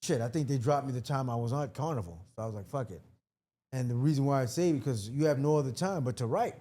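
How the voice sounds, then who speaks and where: A man's voice: medium pitch, animated, dark tone. A man from Washington, D.C., a comedian and actor, chatting loosely as a podcast guest and swearing freely as he tells stories. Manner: loose, profane storytelling with quick acted-out asides. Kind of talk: casual podcast chat.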